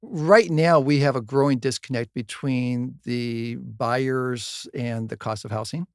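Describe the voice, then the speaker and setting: A man, a guest on a podcast interview, telling lively stories, acting out quoted lines and often chiming in to agree. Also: medium pitch, slow pace, dry recording, studio quality. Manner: animated storyteller, acts out quoted dialogue, agrees often. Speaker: guest real estate agent.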